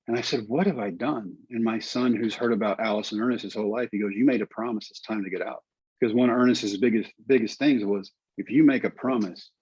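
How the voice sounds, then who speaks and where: Middle aged guy from texas spinning a story, husky voice, dull dry sound. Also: fairly low pitch, no echo. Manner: animated storyteller acting out dialogue. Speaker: guest storyteller. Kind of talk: storytelling in conversation.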